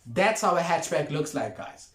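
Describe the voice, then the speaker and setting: Young male car vlogger, emphatic, repeats himself, slightly high voice, echoey room. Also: very animated, moderate pace, fairly bright tone. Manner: emphatic, repeats points, laughs often. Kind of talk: casual car review vlog. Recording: roomy echo.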